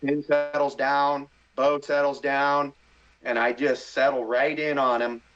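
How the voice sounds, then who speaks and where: A middle-aged man from the Midwest telling a story in a casual interview, animated and excitable, acting out his own thoughts. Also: medium pitch, a little slow. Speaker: hunting show host, podcast guest. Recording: slightly dull podcast audio.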